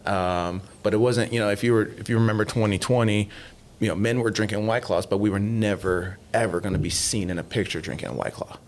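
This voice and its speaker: A man's voice: fairly low pitch, a little fast. A man guesting on a podcast, telling stories in casual chat, acting out past talks and leaning on fillers. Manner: animated, retells talks in quoted voices, many fillers. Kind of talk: casual storytelling interview.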